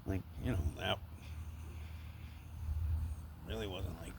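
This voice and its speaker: Gravelly forty-year-old man rambling. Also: low-pitched, steady tone, takes it slowly, very noisy. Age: 40s. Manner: rambling, heavy swearing, many fillers, emotional. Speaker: vlogger. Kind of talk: rambling confessional monologue to camera. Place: at home, indoors.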